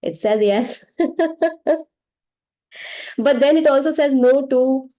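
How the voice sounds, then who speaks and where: Mellow-voiced Indian English woman healer. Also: sits high, slow pace. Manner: chatty, animated storytelling with laughs and restarts. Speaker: meditation session host and healer. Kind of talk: casual spiritual teaching on a live online session. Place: online live session.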